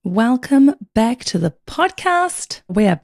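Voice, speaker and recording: A woman's voice: fairly high pitch, big pitch swings, slow pace, a little mellow, dry recording, clean studio sound. A woman co-hosting a casual true-crime podcast, playful and chatty, swearing freely and joking around. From not from England. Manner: playful, swears freely, tries out put-on accents. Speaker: podcast co-host.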